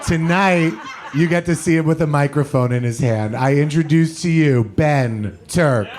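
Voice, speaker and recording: A man's voice: fairly high pitch, moderate pace. Joking man opening a comedy show. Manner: jokey, uses um often, calls out loudly at times. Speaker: announcer introducing the host. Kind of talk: club opening announcements. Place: small comedy club.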